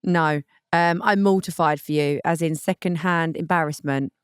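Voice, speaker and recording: A woman's voice: sits low, steady tone, normal speed, clean tone, no echo, clean studio sound. A young woman co-hosting a podcast, quizzing her co-host in casual chat with a blunt, teasing manner.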